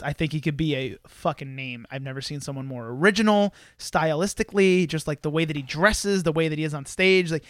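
A man hosting a podcast in casual chat, excitable and profane, talking in a rambling way. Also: on the high side, dry recording, clean studio sound. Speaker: podcast host. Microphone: headphones and studio mic.

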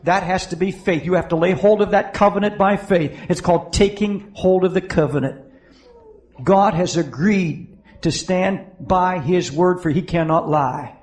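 A man's voice: high voice, moderate pace, low-quality recording. A man preaching a fervent sermon, pleading with people who have come forward and leading them in prayer. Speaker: pastor. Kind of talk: sermon with altar-call prayer. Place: church in front of a congregation.

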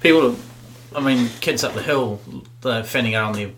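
A man's voice: mid-range voice, normal speed, fairly bright tone, a little hiss or hum. A man hosting a casual interview, asking loose questions full of fillers. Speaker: host.

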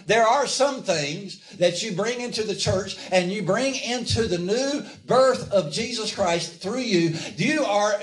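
A man with a high-pitched voice preaches a sermon, pausing to ask the congregation for amens. The sound is roomy and comes from a distance, as if a mic was set across an echoey church sanctuary. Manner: call-and-response preaching, asks the congregation for amens.

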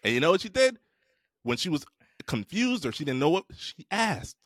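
A man co-hosting a podcast, ranting and joking loudly with lots of swearing. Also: a little high, very animated, moderate pace, no room sound, studio quality. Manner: loud, profane, joking rants. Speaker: podcast co-host. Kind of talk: casual podcast chat.

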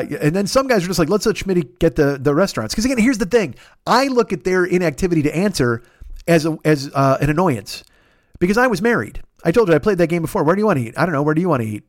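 A man in his fifties hosting a casual solo podcast, rambling, excitable and full of profanity. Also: a little high, no echo, studio quality. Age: 50s. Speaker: podcast host.

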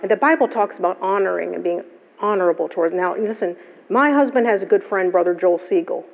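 Woman pastor, sermon, gravelly voice, storytelling, long church reverb. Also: mid-range voice, brisk. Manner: storytelling, conversational, laughs often. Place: church sanctuary. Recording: live church service, long hall reverb.

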